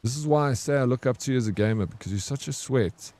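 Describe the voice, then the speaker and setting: A man's voice: mid-range voice, fast talker, darkish tone, a little hiss or hum. A man from South Africa with an English South African accent, chatting casually and rambling on a gaming stream. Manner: rambling, chatty, restarts sentences often.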